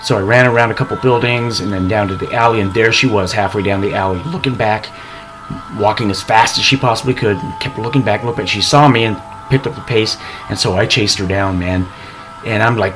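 A man telling a long comic story in a rambling, deadpan way, building up to a prank punchline. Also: on the low side, fairly quick, faint music behind, low-quality recording.

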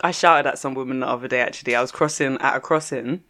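A woman's voice: very deep voice, quick pace, a bit bright. A woman chatting casually as a podcast co-host, adding short replies and questions. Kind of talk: casual chat.

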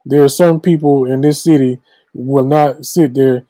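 Sports co-host, mellow, dry, animated. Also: male voice, mid-range voice, unhurried, no echo, rough recording. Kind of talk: casual sports talk.

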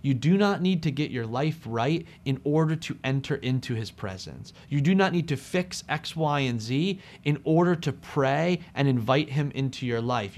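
A man preaching a sermon, speaking expressively and with emphasis, dropping soft on key phrases. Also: a little high.

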